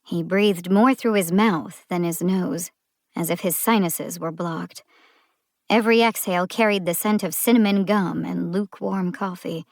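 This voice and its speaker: A woman narrating a thriller audiobook in a measured storytelling style. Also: lowish voice, a little mellow, no echo, clean studio sound.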